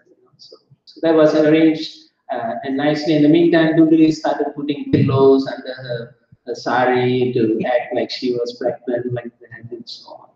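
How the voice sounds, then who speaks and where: A man's voice: on the high side, steady tone, moderate pace, dark tone. A man telling a scripture story in a sermon, chatty and laughing at his own asides. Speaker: temple speaker. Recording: echoey temple hall, distant dull mic.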